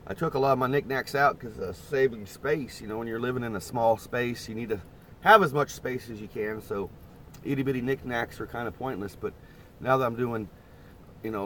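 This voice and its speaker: A man's voice: mid-range voice, a bit bright, a little hiss or hum. A middle-aged man chatting casually and rambling to his viewers on a live stream from inside a parked camper van. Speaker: vlogger.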